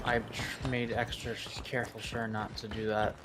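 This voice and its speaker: A man's voice: fairly low pitch, flat delivery, moderate pace, heavy background noise. A man chatting casually while streaming a team shooter with friends, swearing freely with bloodthirsty bravado. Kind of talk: casual gaming chat. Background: loud game music and gunfire.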